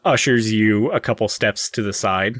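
Male dungeon master, low, casual and halting. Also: fairly bright tone, no echo, studio quality. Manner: casual, halting with many fillers. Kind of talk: narrating a tabletop game.

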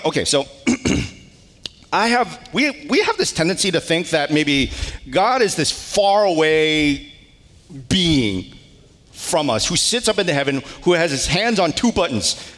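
A man in his thirties preaching a sermon as pastor, telling a family story with lively animation. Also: fairly high pitch. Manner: animated storytelling with wails and laughs. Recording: long hall reverb.

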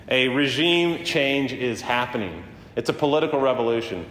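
Guy preaching a sermon, chatty with lots of ums, big echoey hall w/ long reverb, faint rumble behind. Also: lively intonation, normal speed. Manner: conversational, many fillers and restarts.

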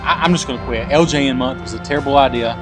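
A man's voice: medium pitch, racing, over music. A man co-hosting a comedy podcast, casual and wry, sounding exasperated with his co-host.

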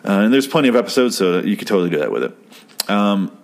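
A young man recapping a TV episode in a casual, rambling, profane commentary, getting excited as he goes. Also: lowish voice, quick pace. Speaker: show host.

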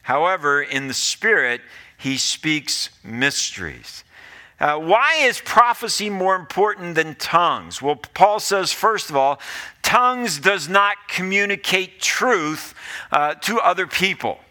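A man's voice: high voice, lively intonation, takes it slowly, sharp tone. A male pastor preaching a sermon in an earnest, pleading way, often repeating his phrases.

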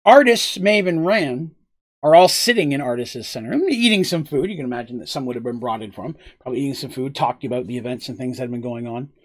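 A man's voice: mid-range voice, animated, fast. A man narrating a tabletop role-playing game as game master, in a loose, rambling way with frequent asides.

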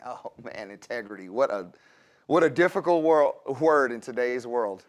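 A man's voice: medium pitch, animated, normal speed. A man preaching a sermon in a conversational way, with laughs and asides to the congregation. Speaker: pastor.

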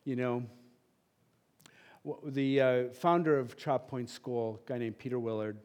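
A middle-aged man preaching a sermon in a church, passionate and emphatic, with sudden loud peaks and then a soft, quiet prayer. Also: mid-range voice, a little slow, clean tone. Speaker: pastor.

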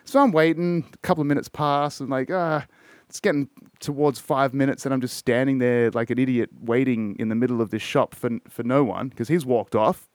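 A man's voice: medium pitch, fairly even intonation, fairly quick, dry recording, studio quality. An Australian man telling a rambling, profane story in a casual podcast chat. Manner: profane, rambling, self-interrupting. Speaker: podcast host.

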